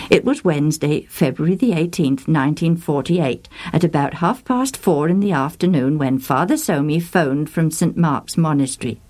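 A woman narrating a story and giving the characters' lines in lively, shifting tones. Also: moderate pace, few pauses. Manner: lively, shifts pitch for quoted speakers. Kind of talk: storybook reading with acted dialogue. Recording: faint music behind.

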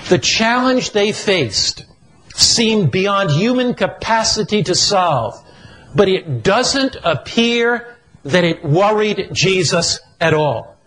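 A man preaching a sermon in a slow, emphatic, repetitive cadence. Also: high voice, animated, a bit bright, rough recording.

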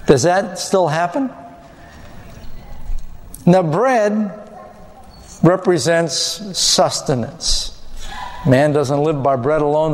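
Male preacher, a bit higher pitched, question-and-answer sermon style, recorded in a big echoing hall. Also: darkish tone. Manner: asks the audience questions and answers them himself. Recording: long hall reverb.

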